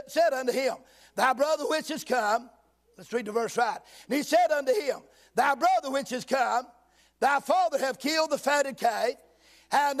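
High-voiced preacher reading scripture slowly. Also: male voice. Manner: reads scripture slowly in old King James wording, breaking off with folksy asides; rises to shouted emphasis. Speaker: pastor. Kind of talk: sermon. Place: church sanctuary.

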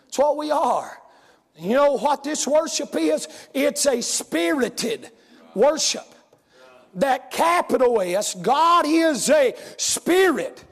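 A man's voice: very high-pitched, sing-song, slow, fairly bright tone, long reverb tail. A man preaching a sermon, telling folksy stories that rise into hollering. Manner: folksy storytelling, rising to hollering.

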